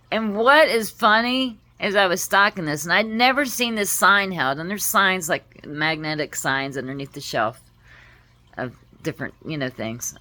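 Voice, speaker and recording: A woman vlogger telling a personal story to camera, heartfelt and halting, with frequent pauses. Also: on the low side, sharp tone.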